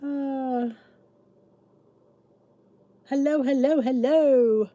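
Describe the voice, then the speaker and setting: A woman's voice: high-pitched, steady tone, very slow, mellow, dry recording, dull audio. A middle-aged woman hosting a casual livestream chat, greeting viewers by name and chatting freely. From United States. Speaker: host.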